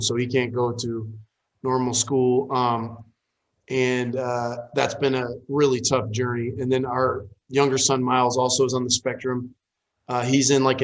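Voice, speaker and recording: A man in his forties, a pastor, telling a personal story on a call in a candid, conversational way that turns heated. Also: medium pitch. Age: 40s. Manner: candid, grows heated and animated while recounting. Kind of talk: casual storytelling on a training call.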